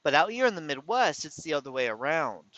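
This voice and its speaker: A man's voice: a little high, sing-song, brisk, a bit bright, no echo. A man telling a rambling story in a casual venting way, with a slight lisp and some slurred words, often correcting himself. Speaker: vlogger. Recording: dull lo-fi sound.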